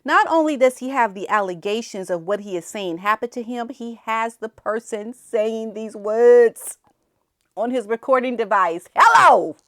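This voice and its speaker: A woman hosting a casual commentary show, animated, often laughing and acting out the people she quotes. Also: on the high side, moderate pace, dry recording. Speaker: commentary channel host.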